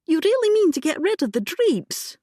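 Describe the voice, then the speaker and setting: A woman voicing an eager young woman who teases her brother, in a bright, high, lively voice. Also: a little slow, dry recording, studio quality. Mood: surprised. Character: eager young woman, Drew's teasing sister.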